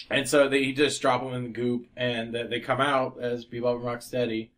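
A man's voice: medium pitch, level tone, moderate pace, hardly any pauses, a bit bright. Podcast co-host, male, casual and rambling, fillers galore, laughs a lot. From United States. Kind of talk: casual chat.

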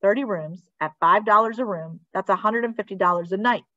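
A woman voicing a hopeful, hesitant immigrant mother in a read-aloud, in a halting voice pitched above her narration, on a dry, dull recording. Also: a bit bright, no room sound, natural voice. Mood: eager.

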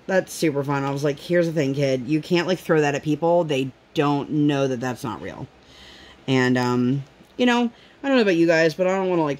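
A woman in her thirties chatting casually to viewers while crafting, telling a story with lots of fillers and acting out quotes. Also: sits low. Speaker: vlogger.

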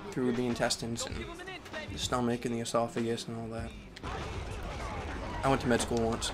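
Young man, gaming commentary, game music underneath, mutters then shouts at the screen. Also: medium pitch, flat delivery, moderate pace, long pauses. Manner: swings from mumbling to yelling at the game. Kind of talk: let's play commentary. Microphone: headset or desk microphone.

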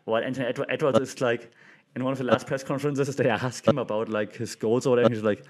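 A man's voice: mid-range voice, fairly even intonation, quick pace. A young man hosting a casual commentary show, talking with enthusiasm and acting out quotes in a livelier voice. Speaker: podcast host.

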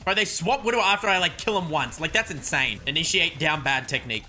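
A young man giving excitable live commentary while playing a game, swinging between muttered frustration and loud yelps. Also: a little high, fairly quick, soft background music. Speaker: gaming streamer.

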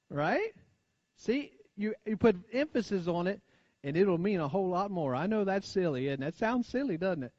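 An American man preaching a sermon, talking plainly to his congregation, asking for amens and dropping his voice low and quiet to stress key points. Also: lively intonation, normal speed, no echo. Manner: conversational preaching, frequent call-and-response asides. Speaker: pastor. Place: church sanctuary. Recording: dull lo-fi church recording.

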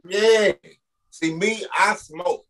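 A man's voice: high-pitched, extremely slow, a bit bright. A man, a parent in his thirties, chatting in a laid-back, conversational way. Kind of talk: casual chat.

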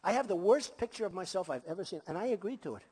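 Man, campaign rally speech, emphatic, repetitive, high pitch, long hall reverb. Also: lively intonation, quick pace, darkish tone, slightly rough. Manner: emphatic and repetitive, boastful asides. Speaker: political candidate at a rally. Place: large rally venue before a crowd.

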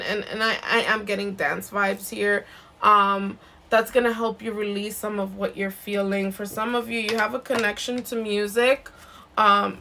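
A woman giving a live zodiac card reading in a gentle, reassuring way, repeating herself and often checking in with "okay?". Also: fairly high pitch. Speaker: intuitive card reader.

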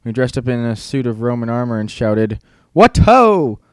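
A man's voice: medium pitch, flat delivery, brisk, dark tone, clear, resonant tone, no room sound. A man narrating an audiobook in first person with a wry storytelling manner.

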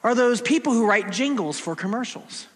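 Man, pastor, playful sermon, bright tense high voice, long church-hall reverb. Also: animated, normal speed. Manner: playful, sings snippets of ad jingles to the congregation. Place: church sanctuary.

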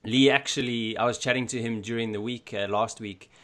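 A man's voice: medium pitch, fairly even intonation, brisk, fairly bright tone. A man hosting a podcast, chatting in a friendly, rambling way. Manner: friendly, rambling, many fillers and restarts. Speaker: podcast host. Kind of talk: casual chat.

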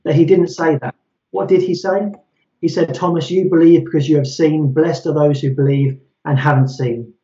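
Brief: man, christian debater, measured scripture-citing argument, mellow darker tone, echoey dull recording. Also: fairly high pitch, steady tone. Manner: methodical, citing scripture verse by verse.

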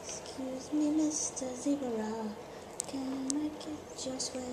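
A woman's voice: high voice, flat delivery, slow. A woman cooing baby talk to her infant at home in a sing-song way, filmed on a home video camera. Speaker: baby's mother. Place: home, indoors. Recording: home video with background noise.

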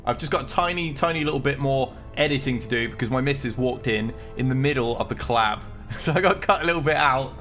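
Faint music sits behind a man with a mid-range, fairly bright voice who talks fast during live gameplay commentary. He's jumpy from coffee, jokes a lot, and reads the game's text out loud.

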